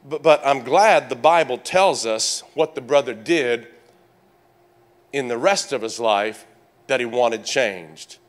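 A man in his sixties preaching a sermon, mixing comic storytelling with animated calls to the congregation. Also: medium pitch, slow. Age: 60s. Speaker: pastor.

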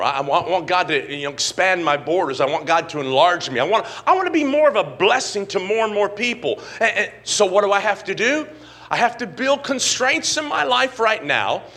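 A middle-aged man preaching a sermon, swinging from quiet, low asides to loud, shouted emphasis and often calling out to the congregation. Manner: repeats words and calls on the congregation. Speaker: pastor.

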